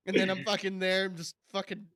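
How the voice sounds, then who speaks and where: A man's voice: sits high, fairly bright tone, no echo. A man in his thirties co-hosting a podcast, chatting crudely, swearing and laughing often. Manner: swears a lot, laughs often, says "dude". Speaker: podcast co-host. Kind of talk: crude casual chat.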